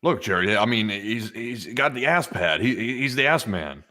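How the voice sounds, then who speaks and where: A man with a fairly low voice trades jokes as a co-host, reacting to footage with playful asides. He talks in loose, relaxed banter. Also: moderate pace. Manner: wisecracking, playful. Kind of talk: casual banter.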